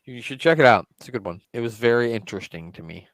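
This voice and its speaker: A man's voice: medium pitch, animated, quick pace, fairly bright tone, no echo. A man co-hosting a casual wrestling podcast, talking loosely, swearing freely and trailing off mid-thought. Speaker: podcast co-host. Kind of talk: casual chat.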